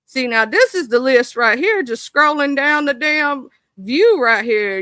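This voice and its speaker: Bright high-ish woman on a livestream reading a list, gets mad and swears at it, dry close sound. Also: lively intonation, unhurried, no echo. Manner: reads a list aloud, then breaks into indignant swearing asides to her viewers. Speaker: live streamer. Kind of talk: casual live-stream chat.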